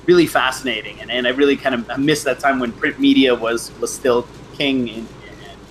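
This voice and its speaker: A man's voice: medium pitch, steady tone, normal speed, background noise. A middle-aged man casually telling rambling stories in a chat, often restarting and laughing.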